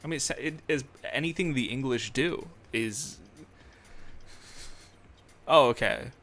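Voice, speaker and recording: A man's voice: mid-range voice, slow pace, a bit bright. A young man chatting casually on a live stream, rambling and joking at his own expense with lots of fillers. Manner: rambling, self-deprecating, filler-heavy. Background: faint music.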